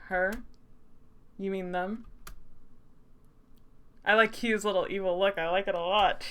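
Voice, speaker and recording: A young woman streaming a game, reacting in an excitable, giggly way with lots of swearing. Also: medium pitch, takes it slowly, long pauses. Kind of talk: let's play commentary.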